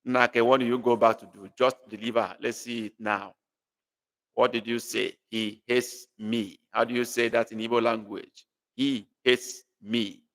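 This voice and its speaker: A man's voice: mid-range voice, level tone, moderate pace, fairly bright tone, in a large hall. A man, teaching a live online language lesson, patient and repeating points for emphasis. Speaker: language tutor.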